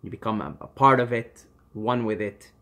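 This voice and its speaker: A man's voice: on the low side, normal speed, vocal fry. Emphatic swearing man urging listeners. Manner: emphatic, swings from loud urging to quiet reassurance, swears freely. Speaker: vlogger. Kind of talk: impassioned advice monologue.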